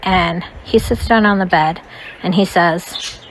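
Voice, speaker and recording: A woman with a slightly low voice tells a personal story in a loose, casual way. She rambles and leans on "like" and "you know" as she goes. A faint hiss sits under her voice. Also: unhurried, poor audio. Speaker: storytime vlogger.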